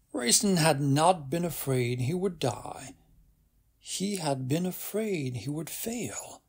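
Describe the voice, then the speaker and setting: A man narrating a fantasy novel as a bedtime audiobook, in a soft, unhurried and even manner with a gravelly, husky voice. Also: medium pitch. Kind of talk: slow bedtime audiobook reading.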